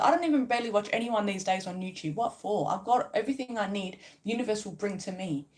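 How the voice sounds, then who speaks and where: A woman's voice: mid-range voice, lively intonation, fast talker, a little mellow. A woman in a casual spiritual vlog, talking emphatically and repetitively and swearing freely. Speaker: spiritual vlogger. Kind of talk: casual spiritual pep talk.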